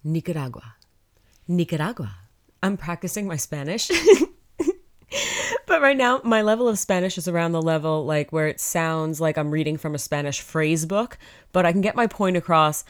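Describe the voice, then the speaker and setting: A woman's voice: low voice, clear, resonant tone. A woman hosting a podcast, upbeat and chatty, sounding stuffed up from a cold. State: congested with a cold. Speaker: podcast host. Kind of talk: motivational podcast monologue.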